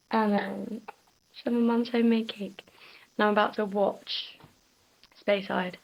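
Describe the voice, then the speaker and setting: A young woman chatting casually in a vlog, soft, giggly and confiding. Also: medium pitch, creaky, breathy edge, low-quality recording. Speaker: vlogger.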